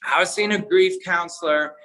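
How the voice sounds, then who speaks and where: A man with a high, bright voice delivers a storytelling conference speech. His tone is earnest and shifts between soft, quiet passages and emphatic ones. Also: normal speed, poor audio. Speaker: keynote speaker.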